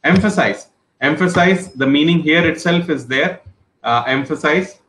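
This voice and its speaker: A male trainer explaining English words in an online class, repeating each word and giving example sentences in an encouraging way, with many pauses and restarts. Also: fairly high pitch, fairly bright tone, reverberant, low-quality recording. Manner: frequent fillers and restarts, encouraging.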